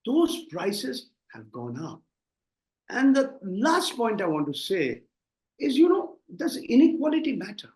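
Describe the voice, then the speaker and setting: A man's voice: sits high, wildly swooping pitch, measured pace, darkish tone. Emphatic man with an Indian English accent, echoey room. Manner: emphatic, repeats words when starting. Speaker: political analyst guest. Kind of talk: impassioned interview commentary.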